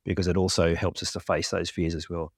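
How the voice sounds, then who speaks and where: A man speaking as a podcast guest, his voice very low and steady. He explains his ideas calmly and reflectively at length, in a close, dry recording. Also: brisk, breathy edge, no room sound. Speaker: podcast guest, grief coach. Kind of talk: interview explanation.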